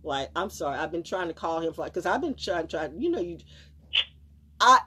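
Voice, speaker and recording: A woman's voice: on the low side, sing-song, a little fast, bright, forceful tone, slight background noise. A woman hosting a live stream, talking casually in a rambling, emphatic way with frequent swearing and restarts. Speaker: livestream host.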